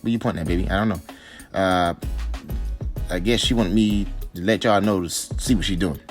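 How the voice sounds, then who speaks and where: A man's voice: sits low, fairly even intonation, fairly quick, soft background music. A man giving playful, teasing voice-over commentary on his wife's hair tutorial, coaxing and joking as he goes.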